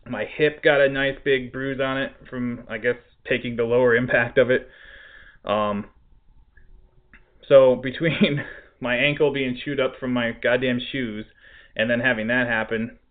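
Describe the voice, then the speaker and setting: A man's voice: mid-range voice, fairly even intonation, unhurried. Male podcast host, laughing, exasperated storyteller; narrow lo-fi sound. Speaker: restaurant cook. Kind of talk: casual storytelling chat. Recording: tinny phone-like audio.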